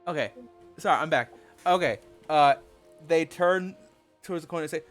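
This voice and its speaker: A man narrating a tabletop game as game master in a casual, halting way. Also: a little high, soft background music.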